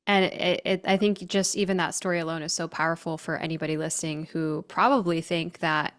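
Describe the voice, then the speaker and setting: Female podcast host, low flat voice, supportive interviewer. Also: fairly quick. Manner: affirming with short agreements.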